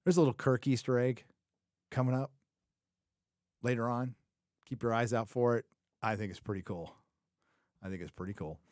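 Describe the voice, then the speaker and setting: A man's voice: mid-range voice, normal speed, long pauses, a little mellow, dry recording. Opinionated man on a dry mic. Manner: opinionated, repeats his own phrases for emphasis; rambling, thinks aloud, frequent self-corrections. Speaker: show host reviewing a TV series. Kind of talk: casual livestream commentary.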